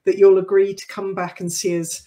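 A middle-aged woman hosts a podcast in a medium-pitched, mellow voice, level in tone and brisk in pace. She chats conversationally with frequent fillers and easy laughter, then finishes with a scripted outro.

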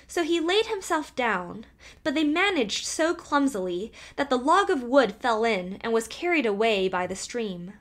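A woman reading a fairy tale aloud as an audiobook narrator, in an expressive storytelling voice. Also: a little high, a little slow.

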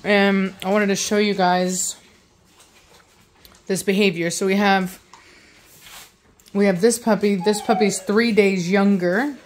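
A woman's voice: medium pitch, darkish tone. A woman hosting a casual vlog about her puppies, chatting and slipping into cooing baby talk at them. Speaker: dog breeder and channel host.

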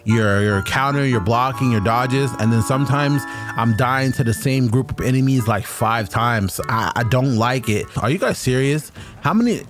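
A young man commenting on his own gameplay, chatty and excitable, trash-talking enemies as he fights. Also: medium pitch. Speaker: gaming streamer. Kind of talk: let's-play commentary.

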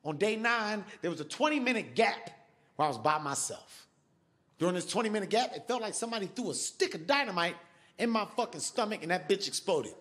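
High-voiced, profane stand-up comedian. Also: male voice, brisk. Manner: profane, animated, shouts for emphasis. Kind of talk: stand-up storytelling. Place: large theater stage. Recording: live show, loud audience laughter and noise.

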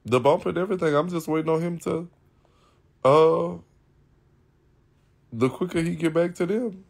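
A man's voice: fairly high pitch, moderate pace, vocal fry. A man hosting a live stream, talking casually to his viewers in a blunt, profane and rambling way.

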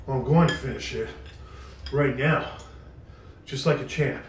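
A man's voice: mid-range voice, a little slow, roomy sound, distant mic, a little hiss or hum. A man vlogging a food challenge to camera, breathless and strained from the heat, bragging between sighs. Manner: strained and breathless after eating hot food, boastful. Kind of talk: casual talk to camera.

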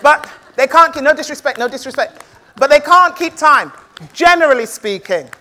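A woman's voice: high voice, lively intonation, normal speed, bright, forceful tone. A woman storyteller telling a tale live to an audience in a playful, rhythmic, call-and-response manner.

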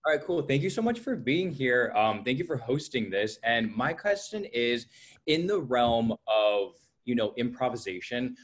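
A man's voice: medium pitch, slightly rough. A young man, a student, politely asking a question over a video call. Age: young adult. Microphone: computer mic on a video call.

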